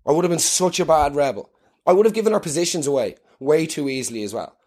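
A man's voice: on the high side, animated, fast talker, a little mellow. An Irish man, around thirty, delivering a swearing, self-mocking comic monologue. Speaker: comedian.

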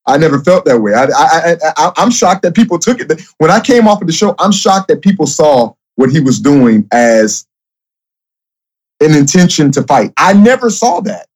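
A man who is a guest on a podcast, speaking casually, often halting and repeating his words. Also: a little high, sing-song, breathy edge. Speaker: guest, former reality show contestant. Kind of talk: casual interview chat.

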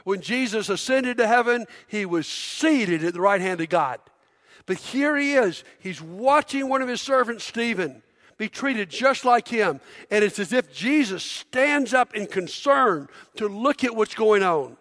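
A middle-aged man preaching a sermon in a church, energetic and conversational, prompting the congregation. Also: high-pitched, a little slow. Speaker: pastor. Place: church auditorium. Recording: long hall reverb.

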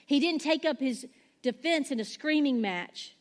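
A woman pastor preaching a sermon, animated and acting out the quoted lines. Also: high-pitched, a little slow.

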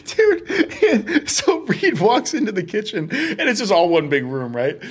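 Lively, high-voiced young man telling stories. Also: normal speed, breathy edge. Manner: animated storyteller, laughs through his words, swears freely. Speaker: podcast co-host. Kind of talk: casual chat.

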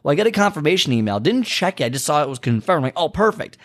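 A man's voice: on the high side, very animated, racing. A man hosting a solo podcast, rambling and venting before turning motivational. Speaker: podcast host. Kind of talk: casual solo podcast monologue.

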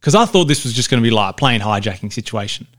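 A man's voice: medium pitch, expressive, fast, a bit bright. A man chatting casually as a podcast co-host, with a mid-range voice. He leans hard on his points and repeats phrases for emphasis. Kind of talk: casual movie review chat.

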